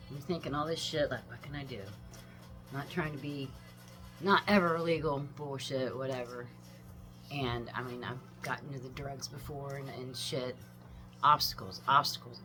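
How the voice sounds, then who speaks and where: A woman in her fifties talks straight to the camera in a loose, meandering monologue. She swears freely, sighs and drifts between thoughts, swinging from hushed to emphatic, with a medium-pitched voice. Faint music plays behind her. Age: 50s. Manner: emotional, profane, meandering, frequent sighs and laughs. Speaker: vlogger. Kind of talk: rambling personal monologue.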